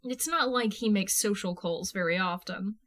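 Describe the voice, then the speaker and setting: A woman reading fan fiction aloud in a casual, lively manner, swearing freely. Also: medium pitch, moderate pace. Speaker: podfic reader. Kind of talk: fan fiction audiobook narration.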